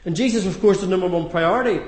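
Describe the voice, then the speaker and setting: A man's voice: sits high, rapid-fire, a little mellow, reverberant. A man giving a sermon in a chatty, homely storytelling manner with light humour. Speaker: preacher.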